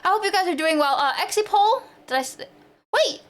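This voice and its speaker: A woman's voice: very high voice, animated, moderate pace. A woman chatting casually on a live stream, bubbly and playful as she greets viewers at her desk microphone.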